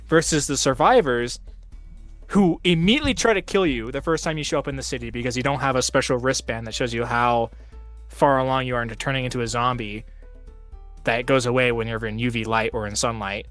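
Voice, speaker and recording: A man's voice: medium pitch, a little fast, a bit bright, faint music behind. A man hosting a casual gaming chat, telling long rambling stories full of "like" fillers. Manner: rambling storyteller, heavy use of "like". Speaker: host of a tabletop game stream.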